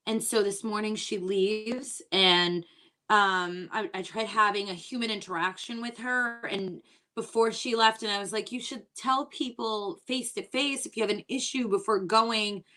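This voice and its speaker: A woman's voice: medium pitch, a bit bright. A woman comedian doing a stand-up set from home, telling exasperated stories and quoting people. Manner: chatty, exasperated storytelling with quoted voices. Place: at home, online show.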